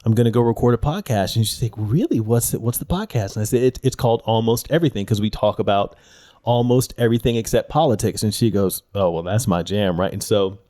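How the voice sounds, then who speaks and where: A man's voice: on the low side, quick pace, warm tone. A man co-hosting a podcast, telling stories in casual chat with lots of fillers and restarts. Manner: storytelling, many fillers and restarts. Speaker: podcast co-host.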